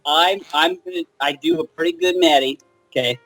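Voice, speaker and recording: A man's voice: a little high, huge pitch swings, moderate pace, vocal fry, fairly bright tone, soft background music. A man appearing as a guest on a casual podcast, playful and eager.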